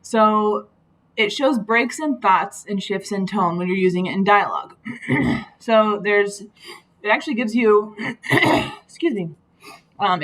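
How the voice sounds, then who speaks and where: A woman's voice: mid-range voice, low-quality recording. A woman teacher talking through grammar slides in a patient, explanatory way, with frequent ums. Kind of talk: recorded slide lesson.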